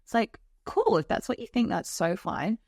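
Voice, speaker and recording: A woman's voice: mid-range voice, sing-song, moderate pace, breathy edge, dry recording, studio quality. A young woman hosting a podcast, chatting casually and frankly about spiritual topics, swearing freely and using lots of fillers. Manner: frank and profane, with frequent fillers. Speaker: podcast host.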